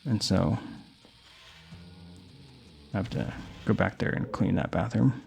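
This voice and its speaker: Game music runs beneath a young adult gaming host who chats casually about a video game and wanders off into personal stories as he plays. He speaks slowly in a fairly low, slightly mellow voice with vocal fry.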